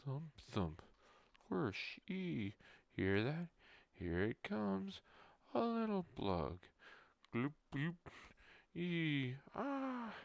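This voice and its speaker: A man voicing a creepy male ear-cleaner who pulls bugs out of ears. It is a whispered role-play, and he says the sound effects aloud in a hushed voice. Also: a little high, huge pitch swings, very slow, gravelly, no room sound, full character voice.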